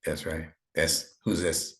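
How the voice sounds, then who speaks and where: A man's voice: extremely low pitch, little pitch movement, slow, creaky, a bit bright. A middle-aged man giving a one-on-one online lesson to a child, patient and coaxing with playful teasing. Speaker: instructor.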